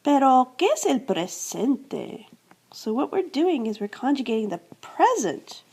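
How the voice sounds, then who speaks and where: An American Spanish teacher gives a classroom-style grammar lesson in a high, very animated voice that's a little slow, dark in tone and edged with breathiness. She explains step by step, repeats verb endings and answers her own questions.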